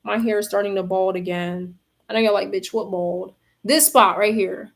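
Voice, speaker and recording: A woman's voice: mid-range voice, fairly even intonation, moderate pace, gravelly, reverberant. A young woman vlogger venting frankly to her phone camera, swearing and addressing her viewers as y'all. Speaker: vlogger and tarot reader.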